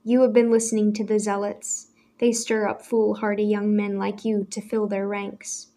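A woman voicing a stern, authoritative older father who speaks in measured, grave tones. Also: medium pitch, monotone, dark tone, natural voice.

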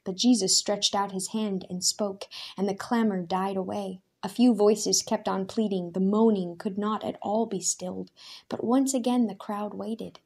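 A woman narrating a storybook aloud in a steady, expressive way. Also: medium pitch, normal speed, gravelly, slightly rough. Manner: steady and expressive, with vivid character voices.

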